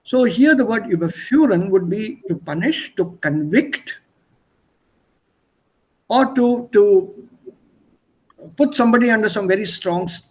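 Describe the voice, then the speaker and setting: Male language tutor on a video call, high voice, patient and repetitive in his explanations. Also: animated, unhurried, pauses often, a little mellow. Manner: patient, explains by repeating synonyms. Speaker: German tutor. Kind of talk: online one-on-one language lesson.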